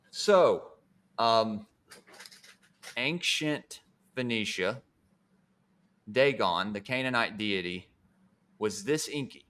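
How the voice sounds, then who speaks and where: A man's voice: fairly low pitch, slow pace, long pauses. A man hosting a casual podcast, chatting in a laid-back, slangy way and sometimes reading passages aloud. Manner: laid-back, slangy, bursts into animated impressions. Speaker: podcast host.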